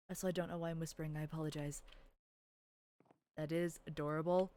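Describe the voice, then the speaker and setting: A woman's voice: low-pitched, little pitch movement, quick pace, pauses often, warm tone, a little hiss or hum. A woman livestreaming a video game, chatting casually to her viewers, rambling and giggling, and squealing over cute characters. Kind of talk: casual gameplay commentary to chat.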